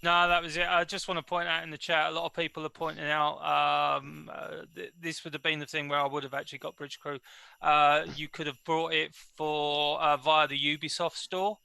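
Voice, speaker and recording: A man co-hosting a casual gaming livestream, speaking haltingly with many restarts. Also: on the high side, level tone, creaky, pushed and bright, clear, resonant tone, no echo. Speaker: co-host.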